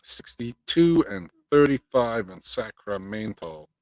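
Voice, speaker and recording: A man's voice: lowish voice, very animated, slow, a little mellow, no room sound, poor audio. A man hosting a live stream, chatting casually with his viewers and reading their comments aloud, swearing freely and drifting into rambling rants. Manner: profane, rambling, ranting.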